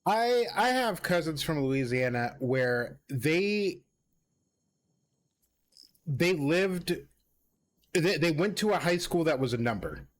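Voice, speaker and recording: A man streaming a co-op game, talking casually in a relaxed, matter-of-fact way. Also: on the high side, slow pace, long pauses. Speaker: streamer playing co-op. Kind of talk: casual gaming chat.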